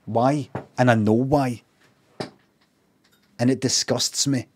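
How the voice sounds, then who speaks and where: A Scottish man livestreaming, talking in a casual, sweary, animated rant. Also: mid-range voice, slow, a little hiss or hum.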